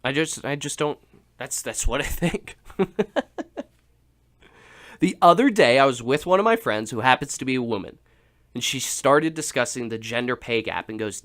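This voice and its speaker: A man's voice: medium pitch, expressive, moderate pace, long pauses, fairly bright tone. A young man hosting a radio show, rambling through a joking monologue with laughs and restarts. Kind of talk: casual comedic monologue.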